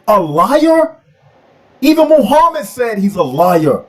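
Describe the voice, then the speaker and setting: A man rants like a preacher, mocking his listeners with rhetorical question after rhetorical question. His voice sits high and swings widely. He takes his time, leaning hard on each challenge. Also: big pitch swings, slow pace, a bit bright. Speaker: religion critic. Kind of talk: preaching rant.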